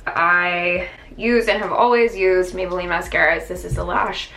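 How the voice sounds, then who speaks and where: A woman's voice: lowish voice, flat delivery, moderate pace, gravelly, pushed and bright, soft background music. A woman beauty vlogger talking through a makeup tutorial in a chatty, exclamatory way. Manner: chatty and exclamatory, many fillers. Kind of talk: casual makeup tutorial chat. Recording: roomy echo.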